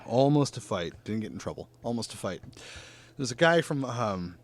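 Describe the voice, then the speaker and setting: A man's voice: on the low side, normal speed. A man hosting a casual podcast chat who swears freely, laughs a lot and tells stories with energy. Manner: profane, laughs often, animated storyteller. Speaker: podcast host. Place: northern California.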